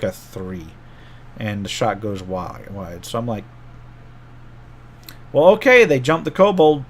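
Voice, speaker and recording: A man's voice: medium pitch, slight background noise. A middle-aged man, a game master, casually telling a rambling story from an old tabletop game and often correcting himself as he goes.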